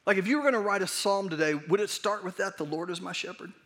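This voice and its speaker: A pastor gives his sermon in a high, light voice. He talks in a conversational, earnest way, stumbling and restarting as he goes. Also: quick pace, fairly bright tone. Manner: conversational, earnest, with frequent restarts and acted asides.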